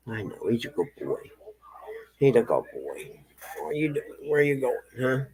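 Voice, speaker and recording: A man's voice: medium pitch, big pitch swings, normal speed, vocal fry, darkish tone, husky, low-quality recording. A man casually telling a story in a folksy way, chuckling often and talking fondly to his dog. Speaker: vlogger.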